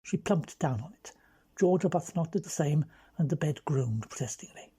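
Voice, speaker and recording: A woman with an English accent reading a mystery novel aloud in a measured, wry way. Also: deep voice, expressive, dark tone, husky. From London. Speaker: audiobook reader. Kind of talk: scripted narration.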